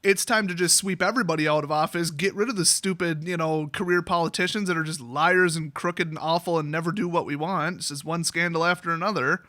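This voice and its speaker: Guy ranting sarcastic and fed up, kinda high bright voice, dry close sound. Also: steady tone, fairly quick, hardly any pauses, no echo. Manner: sarcastic, exasperated, mocking voices. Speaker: YouTuber. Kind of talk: political rant.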